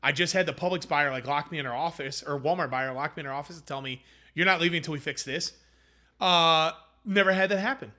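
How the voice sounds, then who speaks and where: Bright-voiced man telling a business story. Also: fairly high pitch, fast talker. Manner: animated, acts out quoted dialogue. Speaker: food company founder. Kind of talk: casual interview storytelling.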